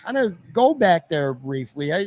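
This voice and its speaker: A man's voice: fairly high pitch, very animated, moderate pace, a little mellow. Man hosting a live podcast. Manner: rambling questions with fillers. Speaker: podcast host. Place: pizza restaurant.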